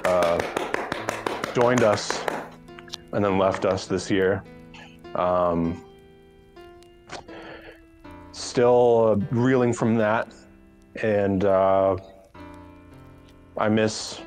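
A man hosting a live stream, talking in a halting, deadpan, mock-mournful way with many fillers. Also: low voice, faint music behind. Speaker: streamer host.

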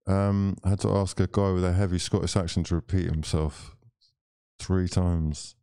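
A young man with a low, mellow voice hosts a live football watchalong stream. He reads viewer comments aloud and chats in a relaxed, easygoing way, laughing often. The sound is close and dry, with no room echo. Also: moderate pace, smooth. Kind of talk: casual chat reading live chat.

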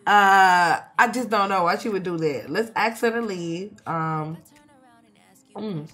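A woman's voice: mid-range voice, slow pace. A woman giving casual, profane commentary while playing a life-sim game, shifting from mumbling to outbursts. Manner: chatty, swears, swings from mumbling to loud outbursts. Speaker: let's play streamer.

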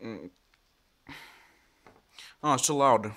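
Guy rambling thru a screen recording, keeps stumbling n repeating words, gets excited, mid-pitched voice. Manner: halting, repeats and restarts words often; excitable, talks to viewers. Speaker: computer vlogger. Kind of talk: casual screen-recording commentary.

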